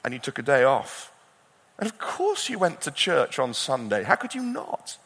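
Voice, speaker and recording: A man preaching a sermon to a conference crowd, his voice moving between loud urgency and quiet intensity. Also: mid-range voice, huge pitch swings, moderate pace, breathy edge. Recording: long hall reverb.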